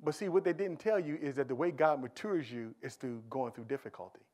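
A man preaching a sermon, swinging from hushed near-whispers to near-shouts, full of repetition and rhetorical questions. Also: medium pitch, a little fast.

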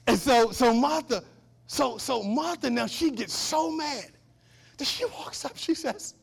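A male pastor with a fairly high voice delivers a sermon. He swings between loud, driving declarations and hushed asides, and he keeps asking the congregation call-and-response questions. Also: a little slow, gravelly, slightly rough.

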